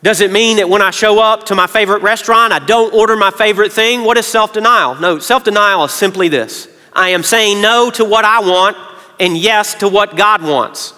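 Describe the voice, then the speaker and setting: An earnest male pastor preaches to his church. His voice sits high and sounds bright and forward. The hall gives it a long, lingering reverb. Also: normal speed. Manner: earnest, drops to quiet tones when emotional. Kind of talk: sermon.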